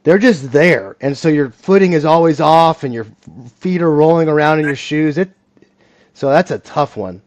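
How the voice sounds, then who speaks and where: A man's voice: fairly high pitch, normal speed, dry recording. Encouraging male podcast host, dry sound. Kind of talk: casual interview chat.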